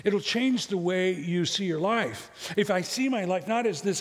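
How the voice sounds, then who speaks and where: High-voiced male pastor in a reverberant hall. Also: normal speed, few pauses. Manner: storytelling, joking with the congregation. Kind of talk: sermon. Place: church sanctuary.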